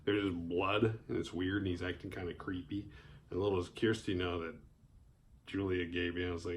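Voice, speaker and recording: A man's voice: normal speed, lo-fi sound, a little hiss or hum. Male host recapping a horror movie, loose and profane, jumps into silly character voices. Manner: animated, profane, acts out characters' lines in high voices. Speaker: horror film reviewer. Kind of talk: casual film recap.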